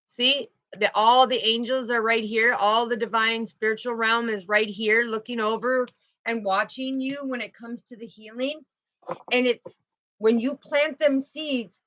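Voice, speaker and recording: A woman with a slightly high voice gives a casual spiritual tarot reading. She rambles from thought to thought, repeats words as she restarts, and tags her sentences with "right?" or "okay." The talk stays loose and unscripted. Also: bright, forceful tone. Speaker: intuitive tarot reader.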